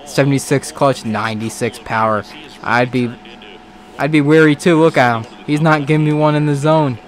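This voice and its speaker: Man, gaming commentary, excitable, swears, talks to the screen, mid-pitched voice. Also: moderate pace, a little hiss or hum. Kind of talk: casual let's-play commentary.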